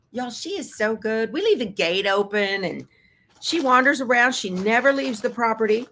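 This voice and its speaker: A woman's voice: fairly high pitch, lively intonation, a little slow, fairly bright tone. A woman hosting a live sewing stream from her home sewing room, chatting casually in an upbeat way and laughing often. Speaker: host of a sewing livestream.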